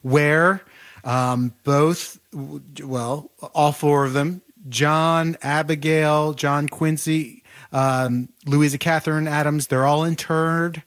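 A man's voice: fairly high pitch, steady tone, slow, a bit bright. A man being interviewed as an author, telling a historical story in vivid, detailed bursts. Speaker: author guest. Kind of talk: podcast interview.

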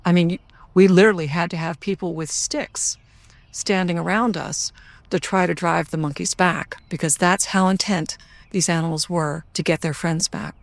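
A woman scientist tells her story frankly in a documentary interview. Her voice sits a little low and the recording is dry and close. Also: steady tone, moderate pace, dry recording.

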